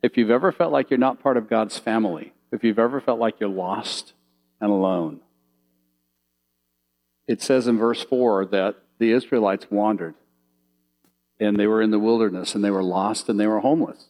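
Speaking at a normal pace with frequent pauses, a man with a somewhat low voice preaches from slides on a low-quality recording. He animates his sermon with vivid little stories and questions for the congregation.

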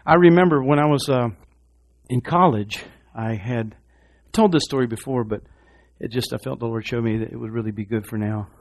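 In a male voice at a moderate pace, a pastor preaches, rising from quiet, low talk to loud, shouted passages. He leans on repeated phrases for emphasis.

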